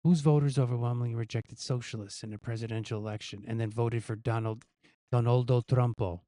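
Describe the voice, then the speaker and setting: A man's voice: medium pitch, flat delivery, fast talker, mellow, no room sound, clean studio sound. A male host casually reading out news quiz questions, guessing the answers himself and chuckling at his own gag options.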